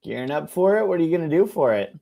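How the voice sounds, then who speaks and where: A young man co-hosting a casual chat show, an animated storyteller who acts out the people in his stories. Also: fairly high pitch, fast, gravelly. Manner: animated storyteller, mimics people with shouts and laughs. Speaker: podcast co-host.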